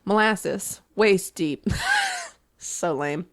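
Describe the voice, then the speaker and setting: A woman's voice: lowish voice, unhurried. A woman co-hosting a podcast, telling a history story in casual chat, peppered with swearing, fillers and laughs. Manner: swears freely and laughs often, many "like" fillers. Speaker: podcast co-host.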